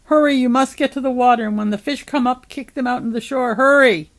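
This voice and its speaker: A woman's voice: mid-range voice, normal speed, vocal fry, darkish tone. A woman voicing a disembodied talking head with a metallic, insistent way of giving urgent commands, in a read-aloud story.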